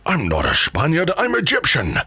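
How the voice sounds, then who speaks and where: A man giving excited football goal commentary with rising, exclamatory calls. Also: on the high side, normal speed, husky, no room sound.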